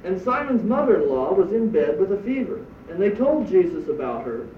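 Guy preaching a sermon, high voice, emphatic, heard from across an echoey room. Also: very animated, a little fast, slight background noise. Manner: emphatic preaching with rhetorical questions. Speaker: pastor. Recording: echoey distant dull church recording.

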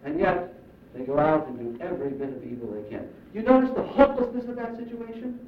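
Man preaching a sermon, high-pitched, emphatic, earnest, far from the mic, muffled. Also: sing-song, slight background noise. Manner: earnest, emphatic, slows down to stress key phrases. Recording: roomy, distant, muffled recording.

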